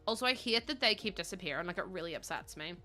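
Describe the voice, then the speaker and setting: Bright-voiced Northern Irish woman streaming. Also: lowish voice, animated, fast, soft background music. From Northern Ireland. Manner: chatty, chats with viewers while building. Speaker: game streamer. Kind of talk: casual livestream chat.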